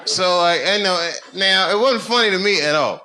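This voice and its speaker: Middle-aged male stand-up, slightly high voice, relaxed storyteller, noisy club recording. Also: moderate pace. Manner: loose, conversational, builds to loud excited bursts. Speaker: stand-up comedian. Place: comedy stage with live audience. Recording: noisy live show recording. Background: audience laughter.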